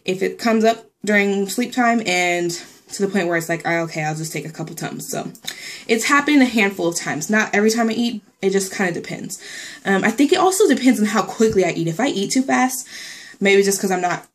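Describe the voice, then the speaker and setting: A woman's voice: mid-range voice, fairly quick. A young woman chatting through a casual vlog update, rambling with lots of fillers and slightly out of breath. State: a little out of breath. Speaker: pregnancy vlogger.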